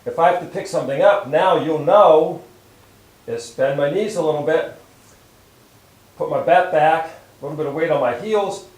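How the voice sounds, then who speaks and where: Calm man guiding posture exercises. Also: a little high, moderate pace, long pauses, echoey room, rough recording. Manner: calm, steady step-by-step instruction while moving. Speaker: chiropractor demonstrating exercises. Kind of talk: instructional exercise demonstration.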